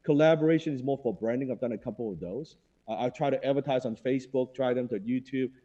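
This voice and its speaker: A man's voice: medium pitch, quick pace, warm tone, lo-fi sound. A man speaking as a guest in an interview, blunt and emphatic, driving his points home by repeating them. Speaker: guest entrepreneur. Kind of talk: conversational interview.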